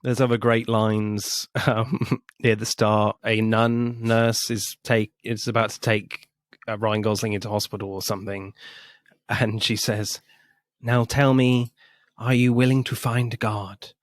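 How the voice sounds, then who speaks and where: A man's voice: lowish voice, little pitch movement, a little slow, no room sound. A man co-hosting a film podcast in casual chat, laughing as he quotes favorite lines from a film. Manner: amused, laughs while quoting favorite lines. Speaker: podcast co-host.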